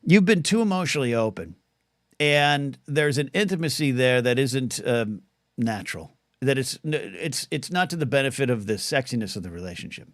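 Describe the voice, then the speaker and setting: Taking viewer questions on his solo livestream podcast, this host jokes and rambles, cutting himself off and starting over frequently. His medium-pitched voice is animated at normal speed, with a dry, clean studio recording.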